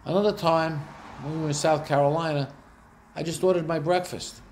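A man's voice: a little high, fairly even intonation, brisk, darkish tone, a little hiss or hum. A man with a heavy North Jersey accent telling blunt, matter-of-fact stories in a casual monologue, recorded near a street. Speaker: vlogger.

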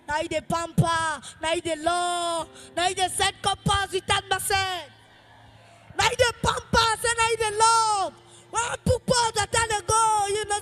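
A woman with a Nigerian accent leading chanted praise worship at a church service, with fervent, half-sung lines, often shouted, calling on the congregation to repeat after her. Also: very high-pitched. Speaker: worship leader.

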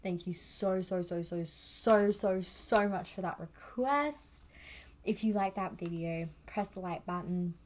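A young woman reacting to a music video in a casual vlog, gushing and excitable, often repeating herself and swearing casually. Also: lowish voice, measured pace, slight background noise.

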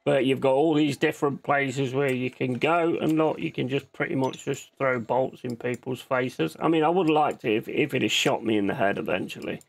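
A man's voice: mid-range voice, gravelly. A man hosting his own gaming channel, chatting casually and swearing freely as he plays. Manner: chatty, sweary, laughs easily. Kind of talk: casual gameplay commentary.

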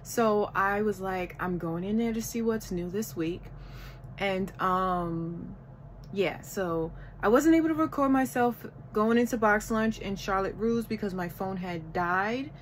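A woman vlogging a shopping haul from home in casual chat, gushing and excitable over each item. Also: medium pitch, measured pace, slight background noise, rough recording. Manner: gushing, excitable, repeats "oh my goodness".

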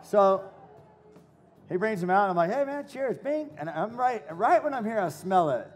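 A man's voice: high-pitched, lively intonation, moderate pace, soft background music. A man giving a live cooking demo to a crowd, brash and joking, swearing freely and hyping people up.

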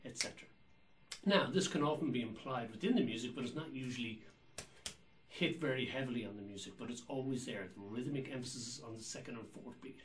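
A man's voice: medium pitch, quick pace, background noise. A man teaching jazz rhythm, explaining patiently and counting beats and scatting rhythms aloud. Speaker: drum teacher. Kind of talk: instructional explanation.

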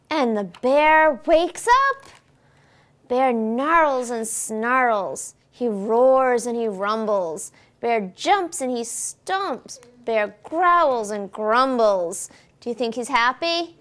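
A woman, a children's librarian, reading a picture book aloud at a library storytime in an expressive, sing-song way, asking the children questions. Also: fairly high pitch.

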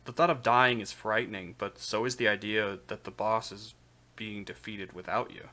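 Brief: man, lowish bright voice, live-stream novel reader, steady narration. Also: moderate pace. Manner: steady narration with occasional slips. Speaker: streamer reading aloud. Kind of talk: live reading of a light novel.

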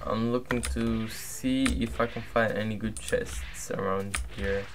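A young man giving casual, low-key commentary while livestreaming a game, now and then flaring up at opponents. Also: steady tone, measured pace, noisy background. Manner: laid-back and low-key, flares up loud and angry at opponents. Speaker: streamer.

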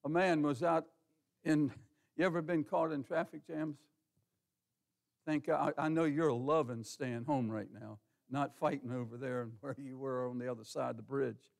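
A man's voice: mid-range voice, fairly even intonation, normal speed, creaky. A man pastor preaching a sermon in a church in a folksy, conversational way, asking the congregation questions and calling on members by name. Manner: colloquial, says ain't. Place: church sanctuary.

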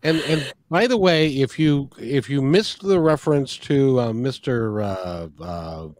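A man with an ordinary mid-range voice, co-hosting a relaxed talk. He speaks haltingly with restarts, and his voice sounds dry and close. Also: medium pitch, no room sound. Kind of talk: casual chat.

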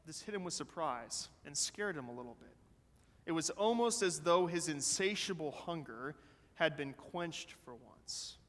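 Slow, animated storytelling pastor. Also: male voice, on the high side. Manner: animated storyteller voicing characters. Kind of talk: sermon storytelling. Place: church sanctuary. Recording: long church hall reverb.

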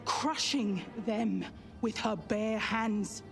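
An actress playing a scornful old woman in a fantasy game, speaking slowly and mockingly. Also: medium pitch. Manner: slow, mocking, theatrical. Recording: game audio with clear music behind.

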